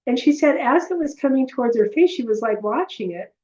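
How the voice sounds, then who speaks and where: A woman's voice: sits high, expressive, a little fast, a little mellow, muffled recording. A woman giving a live online lesson as a healing teacher, telling stories with animation and speaking straight to her viewers. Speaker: energy healer and heart coherence teacher.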